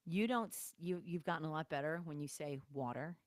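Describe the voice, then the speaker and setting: A woman's voice: low-pitched, fairly quick, no room sound, studio quality. A woman co-hosting a casual live stream, blunt and bossy, teasing and swearing freely. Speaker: co-host.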